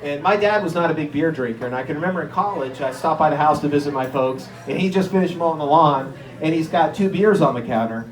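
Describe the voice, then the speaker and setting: A male stand-up comedian with a fairly high voice, telling stories in a loose, conversational, self-deprecating way. He is recorded in a roomy space with a strong echo. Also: fast talker. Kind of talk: stand-up routine. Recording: echoey room.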